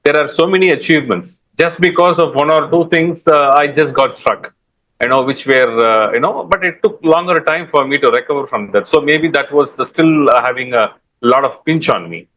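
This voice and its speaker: A man's voice: on the high side, normal speed, fairly bright tone. Hesitant Indian man on muffled call. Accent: Indian English. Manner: hesitant, many fillers. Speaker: workshop participant. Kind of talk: sharing feedback on a call.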